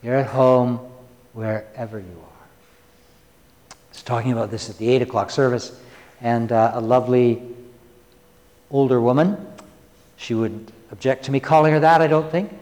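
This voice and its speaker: Conversational pastor in a reverberant church. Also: male voice, medium pitch, a little slow, pauses often. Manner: conversational, teasing the congregation, swinging from loud to hushed. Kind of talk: sermon.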